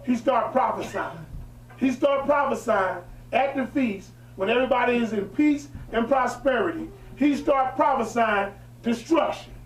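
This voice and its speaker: A man with a very high voice reads an old historical account aloud to a small group and stops often for plain-spoken, emphatic preaching asides. He sounds distant from the mic, and his voice bounces around a roomy space. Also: a little slow. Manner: switches from formal reading to emphatic colloquial asides. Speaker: religious teacher. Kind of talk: reading a historical text aloud with preaching commentary. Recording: echoey room, distant mic.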